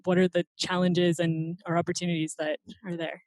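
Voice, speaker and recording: A woman's voice: lowish voice, little pitch movement, brisk, darkish tone, dry recording. A woman hosting an interview, agreeing readily and casually and sometimes searching for words with fillers. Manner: friendly, agreeing, hesitant with fillers. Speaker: interview host.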